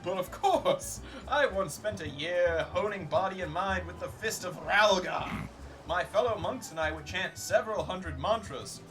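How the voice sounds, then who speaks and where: A man voicing a pompous, theatrical gentleman inspector who speaks in grand, formal phrases, over game music. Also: sits high, measured pace, rough recording. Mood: grandiose. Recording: music playing underneath.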